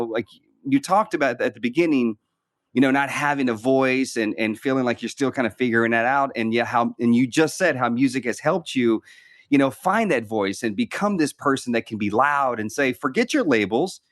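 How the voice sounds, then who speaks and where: A man's voice: medium pitch, lively intonation, moderate pace, dry recording, clean studio sound. A man hosting a conversational interview, asking earnest, rambling questions full of fillers and restarts. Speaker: podcast host.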